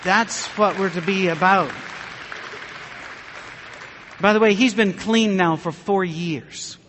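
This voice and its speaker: A man preaching as a pastor, telling a personal story in an earnest, conversational way with emotional pauses. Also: high-pitched, fairly bright tone, in a large hall, some chatter behind, slight background noise. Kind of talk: sermon storytelling.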